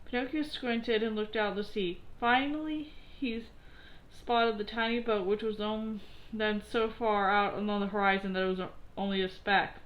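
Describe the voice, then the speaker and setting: A woman reading a children's story aloud in a gentle, expressive way, with occasional slips. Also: medium pitch, normal speed, muffled recording.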